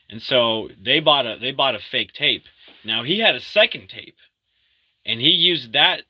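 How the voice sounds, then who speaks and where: A man casually retelling a movie plot in an animated way, acting out the characters' lines and often restarting his sentences. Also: on the low side, dry recording, poor audio. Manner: animated storyteller, acts out quotes, many restarts. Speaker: movie recap host. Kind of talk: casual spoken movie recap.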